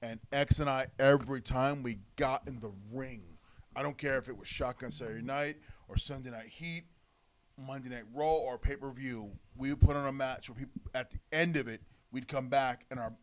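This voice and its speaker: A former wrestler, a man, telling lively stories in an interview and acting out the quotes. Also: medium pitch, normal speed. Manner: animated storyteller, acts out quotes. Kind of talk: storytelling interview.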